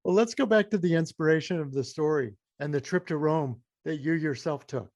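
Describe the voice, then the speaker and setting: A man's voice: on the high side, a little fast, darkish tone, dry recording, highs cut off. A man hosting a podcast interview, steering with short encouraging prompts. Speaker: podcast host.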